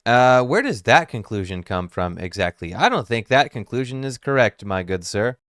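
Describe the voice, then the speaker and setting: A man's voice: medium pitch, lively intonation, moderate pace, a bit bright, no echo. A man giving casual reaction commentary, musing wryly and thinking aloud on a close microphone. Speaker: YouTube commentator.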